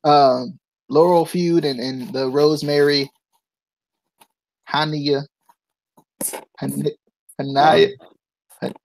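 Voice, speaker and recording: A man's voice: fairly high pitch, little pitch movement, slow, pauses often, a little mellow, slight background noise, rough recording. Loose, stumbling male podcast co-host. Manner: loose, playful, stumbling over names. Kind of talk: casual wrestling review chat.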